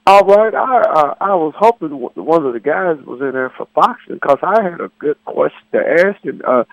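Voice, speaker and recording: A man's voice: on the high side, expressive, moderate pace, vocal fry, no echo, dull audio. A man calling in to a sports radio show over the phone, earnest and emphatic. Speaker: radio caller. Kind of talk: call-in radio chat. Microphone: phone line.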